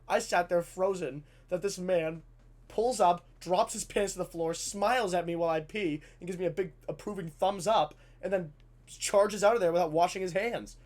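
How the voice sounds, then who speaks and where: A man telling a comedic story in a casual, animated way, swearing freely. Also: high voice, normal speed.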